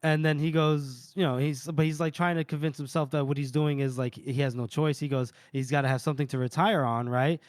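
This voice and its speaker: A man's voice: fairly high pitch, steady tone, a little fast, hardly any pauses, no echo, studio quality. A man co-hosting a casual book podcast, retelling a chapter's scenes and briefly voicing the characters' lines as he goes. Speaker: podcast co-host.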